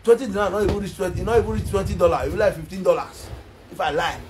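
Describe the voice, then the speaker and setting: Nigerian man, high voice, scolding live-stream vlogger who mocks and rambles; faint noise behind. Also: rapid-fire. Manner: scolding, taunting, rambling with many restarts. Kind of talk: mocking rant on a live stream.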